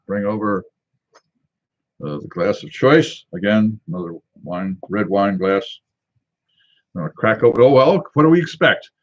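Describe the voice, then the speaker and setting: A drink reviewer with a voice on the low side hosts a casual tasting video, reading a can label aloud and joking to himself in a rambling, wry way. The recording's highs are cut off.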